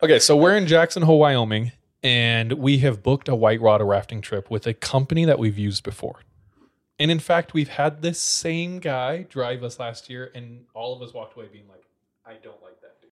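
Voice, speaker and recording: A young man co-hosting a podcast, telling a story in an animated, laughing, casual way. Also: mid-range voice, normal speed. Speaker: podcast co-host.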